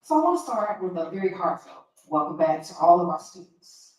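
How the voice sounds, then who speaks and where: A woman's voice: fairly low pitch, sing-song, brisk, far from the mic. Impassioned woman in an echoey hall. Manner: impassioned, frustrated, direct. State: emotional. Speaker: school board trustee. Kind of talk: board meeting remarks. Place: large meeting room.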